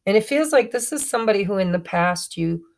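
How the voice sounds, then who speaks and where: A woman's voice: medium pitch, animated, a little fast. A woman giving a chatty tarot reading to her viewers, often stumbling and correcting herself as she goes. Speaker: tarot reader. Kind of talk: casual tarot reading to camera.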